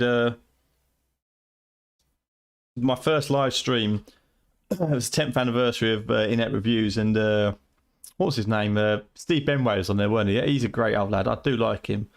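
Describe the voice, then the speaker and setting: A man's voice: medium pitch, moderate pace, creaky. A middle-aged man with a Fenland accent, rambling and swearing loosely through a late-night live game stream at home. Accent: Fenland English. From Fenland, England.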